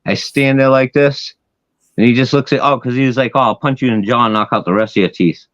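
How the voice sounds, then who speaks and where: Telling a lengthy personal story during a live stream, this man is profane and animated, acts out others' lines and sometimes stutters. He has a medium pitch and a quick pace, and the audio is dull with no echo.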